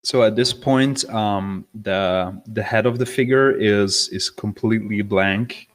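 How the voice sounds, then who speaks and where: Man, fairly low voice, halting game narration, lots of ums. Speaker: player.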